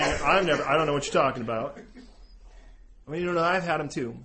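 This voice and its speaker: Animated man preaching a story. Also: high voice, moderate pace, slight background noise. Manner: animated storytelling, switching between characters' voices. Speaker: pastor. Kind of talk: sermon illustration with acted dialogue.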